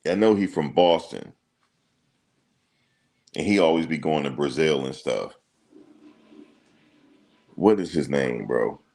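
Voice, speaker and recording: Very deep gravelly-voiced man chatting. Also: takes it slowly, pauses often. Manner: relaxed slangy banter, thinks aloud with ums. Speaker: reaction streamer. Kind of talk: casual chat reading viewer comments.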